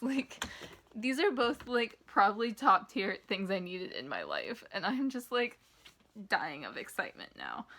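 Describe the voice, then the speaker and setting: A young adult woman chatting casually for her book vlog, excitable and giggly, filling her speech with "like". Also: mid-range voice. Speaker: book vlogger. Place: inside her parked car.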